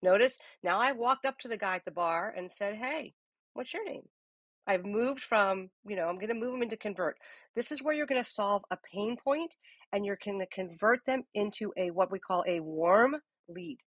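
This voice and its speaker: A woman's voice: mid-range voice, normal speed, no room sound. A woman hosting a live audio room as a business coach, talking energetically and checking in with her listeners. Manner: lively, uses many rhetorical "okay?" check-ins.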